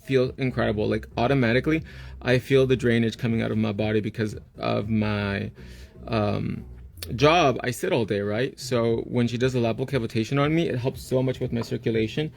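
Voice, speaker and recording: Gravelly-voiced man chatting while doing nails. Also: mid-range voice, fairly quick. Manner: chatty, animated storytelling. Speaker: nail artist and host.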